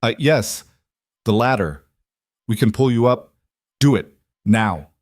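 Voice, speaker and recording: A man's voice: mid-range voice, lively intonation, darkish tone, dry recording, studio quality. A man voicing a breathless young guide. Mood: hesitant. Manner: breathless, hurried. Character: young man guiding an escape, nervous but helpful.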